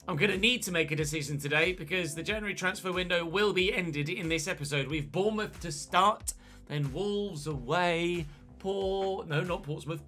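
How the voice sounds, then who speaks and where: A young man with a high, bright voice commentates on a football video game, chatty and quick to correct himself. He narrates the action like a match commentator over faint game music. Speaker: gaming channel host. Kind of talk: casual let's-play commentary.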